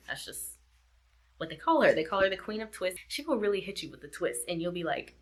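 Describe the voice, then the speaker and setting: Woman, book vlogger, casual review chat, repeats herself, laughs a lot, low-pitched, bright and forceful tone.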